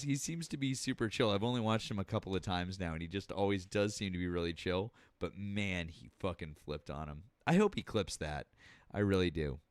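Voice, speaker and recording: A man hosting a politics live stream in casual chat, halting with many fillers and restarts and swearing freely. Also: low voice, no echo.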